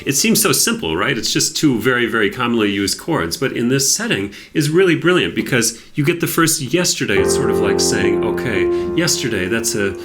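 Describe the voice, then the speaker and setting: A man's voice: mid-range voice, big pitch swings, fairly quick, hardly any pauses. A man teaching a piano tutorial, explaining with enthusiasm and demonstrating at the piano. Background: piano playing.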